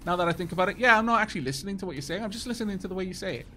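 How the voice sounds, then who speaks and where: A Welsh man chatting quickly and casually with his viewers while he plays a game, poking fun at himself as he goes. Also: sits high, animated, sharp tone, slight background noise. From Wales. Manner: fast-talking, chatty, self-mocking. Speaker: game streamer. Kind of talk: casual live-stream chat over gameplay.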